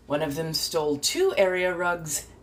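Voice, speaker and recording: A woman's voice: low voice, measured pace, rough recording. A woman with an old-fashioned American colonial accent chats theatrically with her livestream viewers, calling them darling. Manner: theatrical, calls chat "darling". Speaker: livestream host. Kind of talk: casual livestream chat. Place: home kitchen at the sink. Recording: running water and sink noise.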